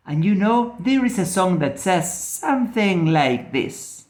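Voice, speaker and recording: A man teaching a children's phonics lesson and telling a story, drawing words out in a lively teacher voice. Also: high voice, echoey room. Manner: slow, drawn-out, lively teacher talk. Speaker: ESL teacher.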